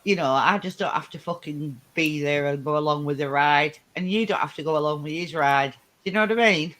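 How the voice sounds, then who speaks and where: A woman's voice: low voice, brisk, a bit bright. A woman in her fifties with a Lancashire accent, chatting as a livestream guest, laughing often and swearing freely. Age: 50s. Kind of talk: casual chat.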